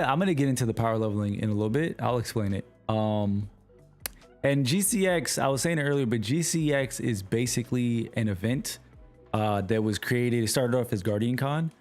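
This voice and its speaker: A man with a New York accent chatting casually to his livestream chat while gaming, relaxed and slangy. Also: medium pitch, moderate pace, soft background music. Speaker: streamer.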